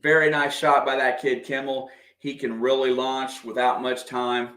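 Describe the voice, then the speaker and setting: A man doing casual, partisan play-by-play of a basketball game for a livestream, excitable and quick to react to the officials. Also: mid-range voice. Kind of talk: fan play-by-play commentary. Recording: echoey room.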